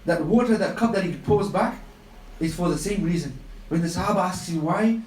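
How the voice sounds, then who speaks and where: A man's voice: sits high, a little fast, darkish tone, reverberant, distant mic, a little hiss or hum, rough recording. A man giving a live religious talk on the radio, telling stories with passion and emphatic repetition. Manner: impassioned storytelling with emphatic repetition. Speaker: Islamic speaker on a radio show.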